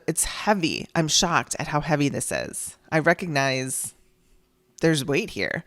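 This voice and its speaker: A woman's voice: low-pitched, clean tone, no echo. Emotional woman host sharing a story. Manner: emotional, chatty, laughing through tears. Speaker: podcast host. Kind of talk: personal storytelling.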